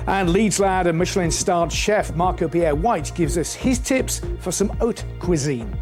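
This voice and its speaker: A man anchors the evening news with a steady, formal delivery. His voice sits a little high, and soft music plays beneath the opening headlines. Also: a little slow. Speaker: news presenter. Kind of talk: scripted news reading.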